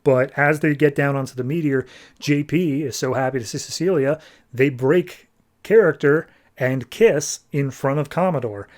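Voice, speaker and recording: A man's voice: mid-range voice, moderate pace, darkish tone. A young man hosting a podcast, recapping a comic book in a loose, chatty way and acting out characters' lines. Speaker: podcast host.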